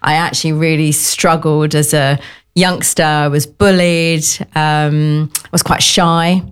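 A woman's voice: deep voice, flat delivery, takes it slowly, clear, resonant tone. A woman, a guest who runs a networking group, talking openly about her past. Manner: open, candid storytelling. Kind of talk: casual chat.

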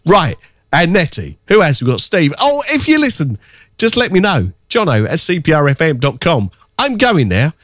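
A man working as a radio DJ, chatting casually and teasing listeners as he sends out shout-outs from a studio microphone. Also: a little high, wildly swooping pitch, moderate pace, no room sound. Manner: jokey, teasing, rambling.

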